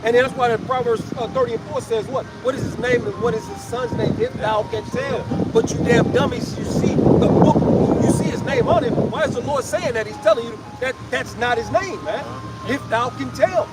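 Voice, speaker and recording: A man's voice: very high-pitched, brisk. A man preaching outdoors, reading scripture aloud and scolding bluntly. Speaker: street preacher. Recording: distant outdoor recording with loud street noise.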